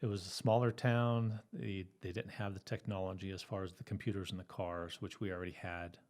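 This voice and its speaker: A middle-aged man recounts his police days in an easygoing, chuckling way. His voice sits fairly low, and he fills his pauses with ums and uhs. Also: flat delivery, a little mellow. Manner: easygoing storytelling, often laughing, with fillers. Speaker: guest, retired police officer. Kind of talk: telling his story in an interview.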